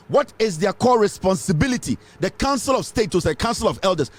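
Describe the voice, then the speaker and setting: A Ghanaian man delivers impassioned political commentary in a high-pitched voice. His voice swings widely as he presses his points, and he mixes Twi into his English. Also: animated, brisk.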